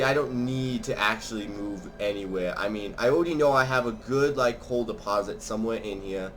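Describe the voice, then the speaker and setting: Fast-talking man hosting a let's play. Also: medium pitch, a bit bright, slight background noise. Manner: theatrical, changes voices for fun. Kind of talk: casual gaming commentary.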